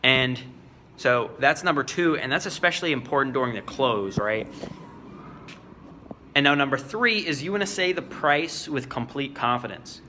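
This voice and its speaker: A vlogger gives sales advice, talking straight to his viewers in a loose, chatty, coaching style packed with fillers. His medium-pitched voice is expressive, pushed and bright, at a normal pace, with slight background noise.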